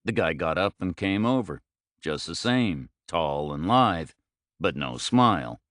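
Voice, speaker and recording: A man narrating an audiobook in measured, clipped phrases. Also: sits low, animated, fairly bright tone, no room sound, clean studio sound.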